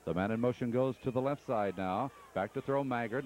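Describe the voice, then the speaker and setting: A man doing radio play-by-play of a football game from the press box, calling each play briskly and steadily. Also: medium pitch, darkish tone, slight background noise. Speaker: play-by-play announcer.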